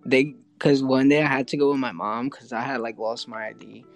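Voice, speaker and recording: A woman's voice: extremely low pitch, fairly even intonation, a little fast, soft background music. A woman in her twenties telling stories in casual chat with friends, laid-back and swearing. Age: 20s.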